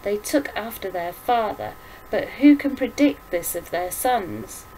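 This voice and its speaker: A woman reading aloud and voicing a gentle, grieving elderly mother who talks softly and slowly. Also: mid-range voice, lively intonation, slight background noise, natural voice. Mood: sorrowful. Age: older. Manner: soft, slow and tender.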